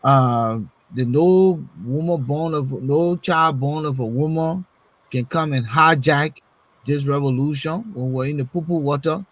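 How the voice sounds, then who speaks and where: On a talk show with poor audio, a man with a slightly high voice argues politics at a measured pace. In this casual political discussion he presses rhetorical questions and repeats words while searching for his next thought.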